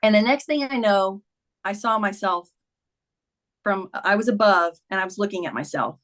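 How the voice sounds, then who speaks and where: Speaking at a normal speed in a slightly bright, medium-pitched voice, this woman in her fifties is a memoir author being interviewed. She tells personal stories with earnest candor, acting out the dialogue of others.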